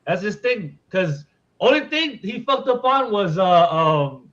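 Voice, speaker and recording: A man's voice: sits high, sing-song, a little slow, a bit bright, dull audio. A man hosting a podcast in loose, joking casual chat, swearing freely. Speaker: podcast host.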